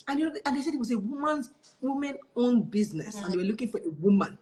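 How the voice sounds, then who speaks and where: A woman with a Nigerian accent, a guest telling a story in an interview, animated and quoting what people said with lively exclamations. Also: high voice, quick pace. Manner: animated storyteller who quotes dialogue with exclamations.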